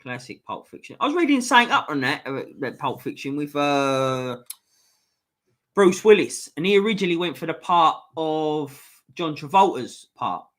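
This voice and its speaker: A man hosts a live stream and reads viewer comments aloud. His voice sits a little high and sounds bright and forceful. He banters bluntly with the chat and swears freely. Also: very animated, normal speed.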